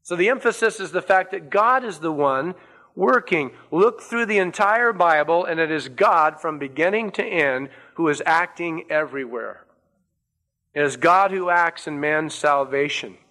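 A male pastor delivers a sermon in a bright, forceful voice. He speaks slowly and deliberately, leaning on key words and repeating them for emphasis. His pitch sits a little high for a man. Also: expressive.

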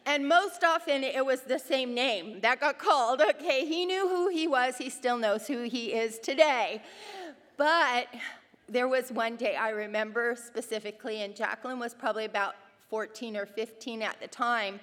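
A middle-aged woman, a mother of five, speaking to other mothers in an animated, storytelling way, acting out the voices she quotes. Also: a little high, moderate pace, in a large hall. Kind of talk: faith-based talk with personal stories.

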